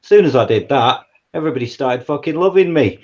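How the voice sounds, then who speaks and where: A man's voice: medium pitch, lively intonation, fast talker, a little mellow. A man, chatting bluntly and laid-back, swearing freely. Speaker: battle rapper. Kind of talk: casual chat. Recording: dull lo-fi sound.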